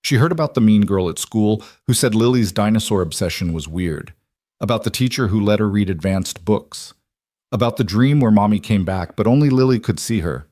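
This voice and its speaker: Low-voiced man narrating a story. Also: lively intonation, a little fast, a little mellow, dry recording, clean studio sound.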